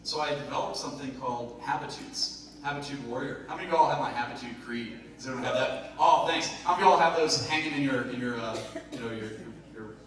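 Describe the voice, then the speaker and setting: A man giving a lively motivational talk to a live audience, joking and asking the room questions. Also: mid-range voice, quick pace. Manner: lively, jokey, asks the crowd questions. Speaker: motivational speaker. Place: event hall before a live audience. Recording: very echoey hall, speaker far from mic, noisy.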